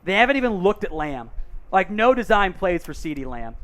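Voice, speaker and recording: A man hosting a live sports watch-along, calling plays with excited bursts between chatty asides. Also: high voice, a little fast. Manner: excited play-by-play calls mixed with chatty asides. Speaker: host.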